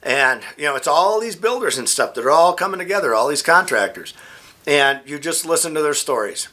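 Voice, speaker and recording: Middle-aged man, rambling chatty vlogger, bright and a bit high-pitched. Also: brisk. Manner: rambling, animated anecdotes with frequent restarts. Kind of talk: casual storytelling.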